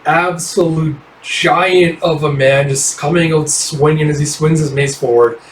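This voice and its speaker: Excitable man narrating a comic readthrough. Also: a little high, measured pace. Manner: excitable, swearing, reacting aloud. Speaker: reader. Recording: roomy, distant mic, faint hiss.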